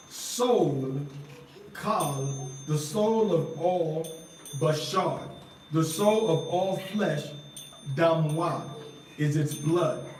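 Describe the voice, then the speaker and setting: A man with a fairly high voice teaches scripture at a very unhurried pace, putting questions to his listeners again and again. He is heard from a distance in a roomy space, with faint ambience behind him. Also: a little hiss or hum. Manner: slow and deliberate, asks the audience repeated questions, sounds out Hebrew words. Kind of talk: Bible study teaching.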